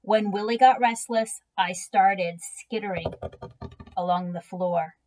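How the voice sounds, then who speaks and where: A woman reading a children's book aloud in a gentle, unhurried storytelling manner. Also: medium pitch, low-quality recording. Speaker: reader.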